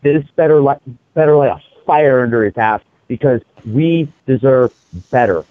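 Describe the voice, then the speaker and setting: A man co-hosting a casual online hangout show, excitable and rambling with many fillers. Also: mid-range voice, moderate pace. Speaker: co-host. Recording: dull lo-fi mic.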